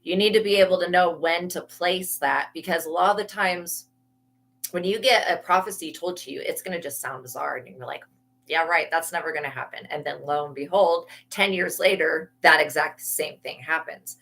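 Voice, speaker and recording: A woman's voice: lowish voice, moderate pace, a bit bright, rough recording. A woman giving a rambling, chatty live-stream tarot reading, with many restarts, followed by a spoken prayer. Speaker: tarot reader.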